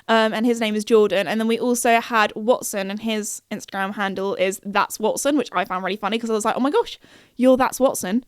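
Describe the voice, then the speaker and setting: A young woman tells a story on her podcast in a loose, chatty way. She giggles often and leaps into high, bright voices when she quotes people. Her voice sits somewhat high, and the recording is close and dry with no room sound. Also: dry recording. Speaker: podcast host. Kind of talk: casual storytelling chat.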